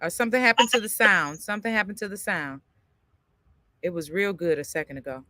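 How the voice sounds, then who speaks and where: A woman voice coach talks a student through breathing over a video call, her voice close and dry with no room sound. She demonstrates lines and laughs easily. She speaks at an ordinary middle pitch. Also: brisk, sharp tone, dry recording. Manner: encouraging, demonstrative, laughs often. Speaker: voice teacher. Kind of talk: live online voice lesson.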